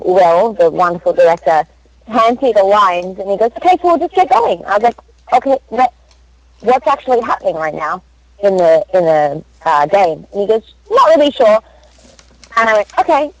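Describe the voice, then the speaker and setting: A young Australian woman, a voice actress, chatting in an interview and telling stories in an animated, laughing way. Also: medium pitch, no echo, muffled recording. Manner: chatty, animated storyteller who laughs often. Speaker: voice actress guest. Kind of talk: casual interview chat.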